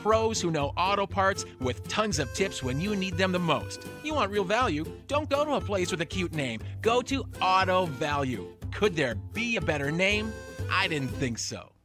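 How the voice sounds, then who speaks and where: A man's voice: high voice, lively intonation, moderate pace. A man reading a radio ad with a punchy, salesy delivery. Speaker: ad announcer. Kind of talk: radio ad read. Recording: music bed under the voice.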